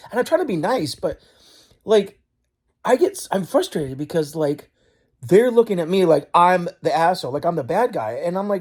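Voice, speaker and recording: A man's voice: high voice, animated, moderate pace, darkish tone. A man vlogging, telling a long, frustrated story in a rambling, casual way full of "like"s. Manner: rambling, frustrated, filler-heavy with many "like"s.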